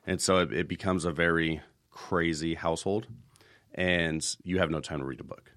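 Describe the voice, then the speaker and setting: A man's voice: sits low, fairly even intonation, normal speed, fairly bright tone, no echo, studio quality. A man in his thirties hosting a casual podcast, telling rambling stories and repeating words as he goes. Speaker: podcast host.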